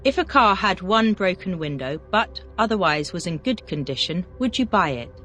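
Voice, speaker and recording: Lively-toned teacher voice running a drill. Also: medium pitch, soft background music. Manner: reads single words, then brisk drill questions. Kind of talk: scripted question-and-answer drill.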